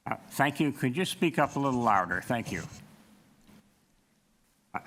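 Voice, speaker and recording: A man's voice: mid-range voice, animated, normal speed, a bit bright, a little hiss or hum. A man chairing a public hearing, speaking in a formal, procedural way. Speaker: committee chair. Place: council hearing room.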